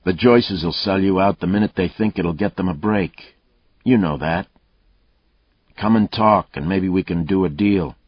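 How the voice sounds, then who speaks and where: A man reading a story, voicing a veteran police detective who talks calmly in clipped, needling lines. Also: low-pitched, unhurried, breathy edge, no room sound, voice pushed up. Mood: taunting. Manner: taunting, calm, clipped threats. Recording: dull, muffled dry audio.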